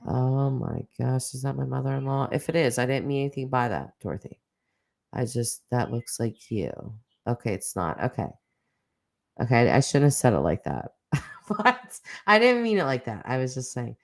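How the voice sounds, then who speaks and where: Low-voiced, teasing middle-aged woman host. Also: expressive, creaky. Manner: chatty, teasing, laughs often, quick asides. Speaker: livestream host reading chat. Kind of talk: casual chat.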